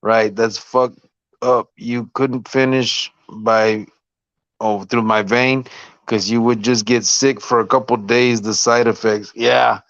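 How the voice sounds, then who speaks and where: A man's voice: medium pitch, fairly even intonation, slow pace, fairly bright tone, no echo. Laid-back man, dry lo-fi podcast. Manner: laid-back, laughs often, says "man" a lot. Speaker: podcast host. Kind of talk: casual chat, reading viewer comments aloud. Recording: dry, slightly dull lo-fi sound.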